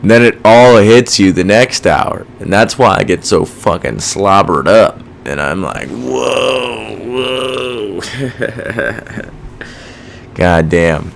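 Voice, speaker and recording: A young man hosting a solo podcast, rambling casually and swearing a lot while thinking out loud. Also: low-pitched, expressive, slow pace, gravelly, slight background noise. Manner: rambling, profane, self-reflective. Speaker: podcast host.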